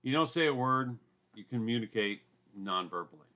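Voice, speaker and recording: A man with a loud booming voice and a drawl, giving a casual recorded lecture from his home basement, with asides and throat clearing. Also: animated, normal speed, highs cut off. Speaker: instructor.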